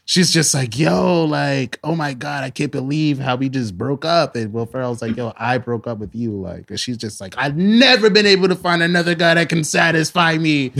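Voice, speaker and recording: A man's voice: on the high side, normal speed, vocal fry, fairly bright tone. A man co-hosting a podcast, chatting casually and laughing as he retells film scenes. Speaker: podcast co-host. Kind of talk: casual chat.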